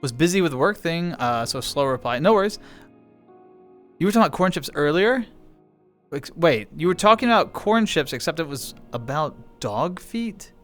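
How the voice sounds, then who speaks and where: A man's voice: on the high side, animated, normal speed, a bit bright, faint music behind. A man, casually chatting with viewers on a live stream, reading chat aloud and laughing often.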